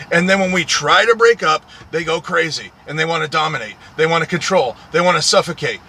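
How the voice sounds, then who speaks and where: A man's voice: a little high, fairly quick, gravelly, few pauses, bright, forceful tone, a little hiss or hum. A man, a truck driver, in a profane, repetitive, aggrieved ranting monologue.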